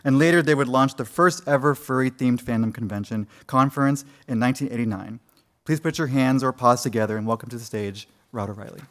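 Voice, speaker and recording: A man's voice: medium pitch, fairly quick, fairly bright tone. A man opening a university conference in a lecture room, formally thanking sponsors and introducing the keynote speaker. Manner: formal, reads out a list of thanks.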